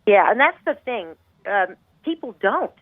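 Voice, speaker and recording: A woman's voice: mid-range voice, big pitch swings, unhurried, no room sound. Middle-aged woman on a tinny phone line. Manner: intense, rambling, heartfelt. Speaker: guest, bereaved mother. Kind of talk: emotional personal storytelling. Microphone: phone call.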